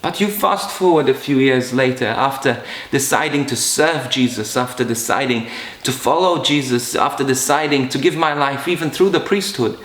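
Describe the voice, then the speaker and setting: Earnest priest in a roomy space. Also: male voice, mid-range voice, normal speed, fairly bright tone. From Malta. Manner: earnest and emotional, with frequent restarts. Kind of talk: personal testimony talk. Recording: roomy echo.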